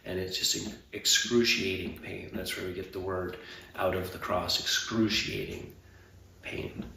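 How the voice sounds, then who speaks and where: Man, pastor, gravelly low voice, earnest sermon, roomy church, distant mic. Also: fairly even intonation, pushed and bright, slight background noise. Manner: earnest, measured, with fillers and pauses. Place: church sanctuary.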